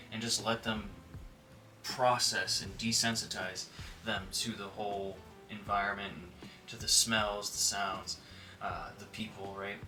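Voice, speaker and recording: Speaking casually to the camera, a male dog trainer fills his talk with filler words and occasionally acts out what dogs and their owners might say. His voice sits on the low side and sounds pushed and bright, picked up by a distant mic.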